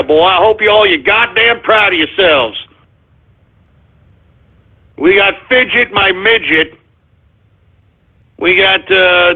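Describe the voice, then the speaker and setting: Radio host, high-pitched man, furious shouting rants full of cursing, tinny lo-fi sound. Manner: angry, shouting, swearing, drawn-out taunts. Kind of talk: live call-in radio rant. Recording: tinny lo-fi broadcast audio.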